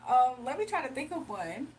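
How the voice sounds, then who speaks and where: Young woman, casual live streamer, slangy and giggly, high-pitched, light noise under the mic. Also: a little mellow, distant mic. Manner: chatty, laughs often, slangy. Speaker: livestream host giving spiritual readings. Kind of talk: casual livestream chat, reading viewer comments aloud.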